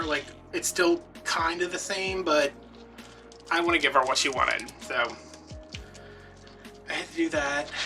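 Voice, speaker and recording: A man chats casually while making a wreath, rambling through a story with plenty of ums and likes. He sits some distance from the mic, so he sounds slightly removed. Background music plays clearly behind his voice. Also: on the high side, bright, forceful tone. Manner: rambling, chatty storytelling with many fillers. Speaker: DIY wreath-making host. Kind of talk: casual chatty vlog while crafting.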